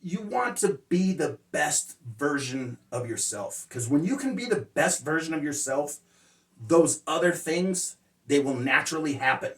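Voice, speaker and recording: A man's voice: on the high side, animated, a little slow, a bit bright. Rambling man, distant and roomy. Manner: rambling, frequent "uh" fillers, blunt and profane. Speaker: motivational speaker sharing life lessons. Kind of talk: casual personal storytelling. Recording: roomy sound, distant mic.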